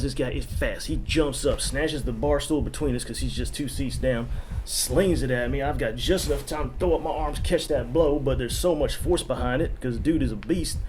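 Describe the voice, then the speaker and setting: A man's voice: mid-range voice, darkish tone, slight background noise. A man narrating a first-person crime story in a crude, profane way, with ranting asides.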